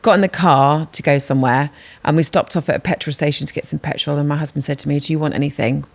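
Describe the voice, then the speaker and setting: A woman's voice: low voice, fast talker. A British woman in her thirties, a podcast co-host chatting casually and acting out quoted lines as she tells stories. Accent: British English. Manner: animated storyteller who acts out quoted dialogue and laughs often. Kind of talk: casual chat.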